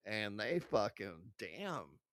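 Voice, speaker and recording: A man's voice: fairly low pitch, sing-song, takes it slowly, fairly bright tone, no room sound, clean studio sound. A man streaming live, chatting casually with profane, rambling asides at his desk microphone.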